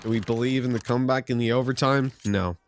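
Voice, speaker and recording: A man doing play-by-play esports commentary, joking and getting excited on big plays. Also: mid-range voice, quick pace, a little hiss or hum.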